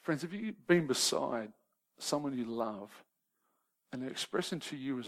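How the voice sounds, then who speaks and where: At a moderate pace, a man with a mid-range voice delivers a sermon as if chatting, often pausing to check on his audience. His tone swings between playful banter and quiet, serious questions.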